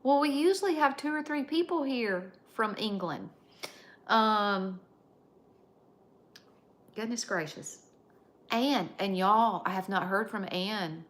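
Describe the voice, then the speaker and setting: Slow-talking American woman live-streaming. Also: medium pitch, fairly bright tone. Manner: unhurried, chatty, drawn-out phrasing. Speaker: livestream host. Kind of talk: casual live-stream chat, reading viewer comments aloud.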